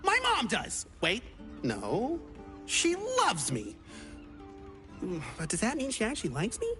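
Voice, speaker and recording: A performer voicing an eager, hapless young would-be adventurer in a video game, excitable and clumsy, fumbling for words. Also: mid-range voice, takes it slowly, soft background music, heavily acted. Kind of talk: video game character dialogue.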